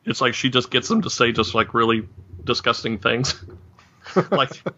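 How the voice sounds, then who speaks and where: A man hosting a podcast in loose, animated conversation, rambling and laughing as he goes. His tone is bright and forceful at a mid pitch, and the recording sounds dull and lo-fi. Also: normal speed. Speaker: podcast host. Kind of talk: casual chat.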